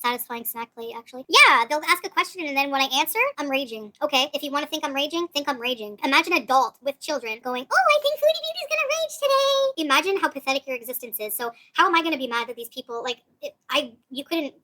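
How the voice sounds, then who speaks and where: A woman's voice: high-pitched, fast talker, few pauses, sharp tone. A woman livestreaming in casual chat, talking defensively and dismissively, often trailing off.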